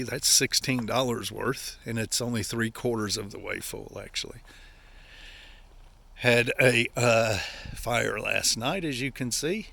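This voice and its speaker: Older Appalachian man, winded and gravel-voiced, giving a friendly outdoor vlog tour. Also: mid-range voice, sharp tone. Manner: folksy, chatty, keeps calling out "folks". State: out of breath from physical work. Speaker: vlogger, campground owner. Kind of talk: casual walk-and-talk vlog. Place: outdoors at a wooded campground.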